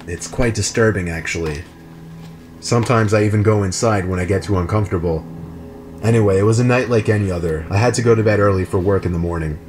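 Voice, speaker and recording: A man reading true horror stories aloud in an even, measured narration. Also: on the low side, background noise. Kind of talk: scripted narration.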